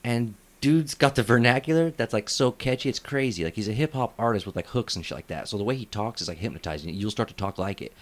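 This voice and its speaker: A man in his thirties hosting a podcast, chatting casually and telling rambling, animated stories with frequent laughter. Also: medium pitch, fast talker, few pauses. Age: 30s. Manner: rambling, animated storyteller who laughs often. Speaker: podcast host. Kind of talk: casual comedic chat. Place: podcast studio.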